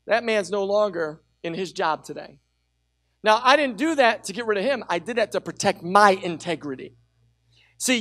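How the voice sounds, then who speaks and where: A middle-aged man preaching a sermon as pastor, telling a personal story with lively energy and urging the congregation to call out. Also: extremely high pitch. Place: church sanctuary with a congregation.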